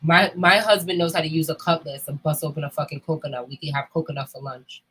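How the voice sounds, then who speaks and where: A woman's voice: sits low, steady tone, quick pace, a bit bright, slight background noise, poor audio. A woman in candid casual chat, talking bluntly and emphatically with frequent swearing. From United States.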